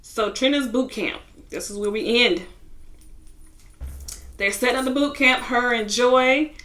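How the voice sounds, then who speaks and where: A young woman in a casual vlog, retelling a reality show episode with lively, slangy asides. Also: a little high, a little slow. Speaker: TV show reviewer.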